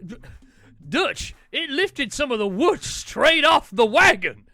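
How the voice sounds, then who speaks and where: A man's voice: very high-pitched, big pitch swings, takes it slowly, vocal fry, bright, forceful tone, no echo, clean studio sound, full character voice. A man doing Arthur, a weary outlaw. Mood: exasperated. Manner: exasperated, pleading, drawling. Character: exasperated weary male outlaw sidekick.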